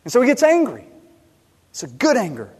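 A man preaching a sermon in a church, animated, swinging between loud emphasis and quiet asides. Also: very high-pitched, a little fast, slightly rough. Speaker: pastor. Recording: long reverb in a large hall.

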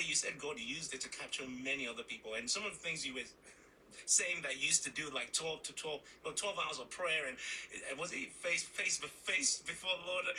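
A man hosting a podcast interview, prompting his guest and echoing his words with soft affirmations. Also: a little high, a little hiss or hum. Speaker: podcast host.

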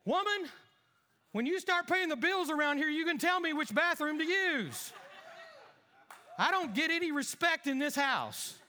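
A man's voice: very high-pitched, fairly quick, pushed and bright, big-room sound, pitched above the performer's own voice. A man acting out a grumpy father who whines and complains about everything on a Sunday morning. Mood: indignant. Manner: whiny, exasperated ranting. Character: grumpy middle-aged father, whining and complaining. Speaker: one-man skit in a sermon.

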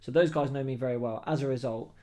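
Guy chatting on his podcast mic, slangy and animated, mid pitch. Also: quick pace. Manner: animated, slangy, laughs while telling stories. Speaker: podcast host. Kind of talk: casual storytelling chat.

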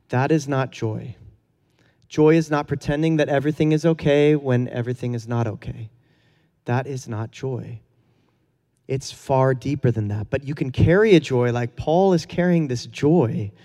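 A man's voice: mid-range voice, dark tone, big-room sound. A man preaching a conversational sermon in a casual, earnest way, with fillers and chuckles. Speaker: pastor.

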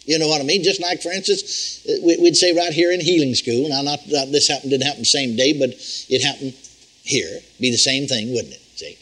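An older man preaching a sermon in a folksy, animated teaching manner, repeating phrases for emphasis. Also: mid-range voice, brisk, breathy edge, poor audio. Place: church healing school.

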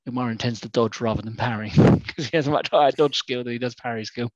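A man playing a tabletop game over a voice call, excitable and jokey. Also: mid-range voice, dry recording, highs cut off. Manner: excitable, jokey, quick to laugh. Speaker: player. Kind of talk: casual tabletop game chat.

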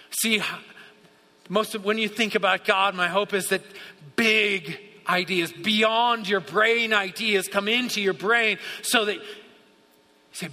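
A man preaching a sermon, moving between hushed asides and shouted bursts of awe. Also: sits high, fairly even intonation, a little slow. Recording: long hall reverb.

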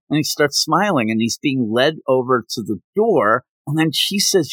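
A man co-hosting a podcast in casual chat, retelling scenes in an animated way with quoted lines. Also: mid-range voice, moderate pace, few pauses, dry recording. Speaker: podcast co-host.

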